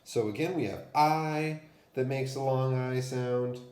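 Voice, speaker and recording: A man teaching a phonics lesson to first graders and reading them a story, pronouncing each word clearly and deliberately. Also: medium pitch, steady tone, a little mellow, roomy sound. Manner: clear, deliberate enunciation for children.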